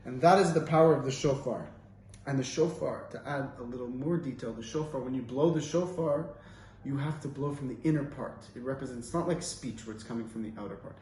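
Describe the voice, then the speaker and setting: A man's voice: medium pitch, fairly quick, a little mellow, a little hiss or hum. A man giving an informal Torah talk, telling stories in a casual, rambling way with many fillers. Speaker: Torah teacher. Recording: roomy, distant mic, faint ambience.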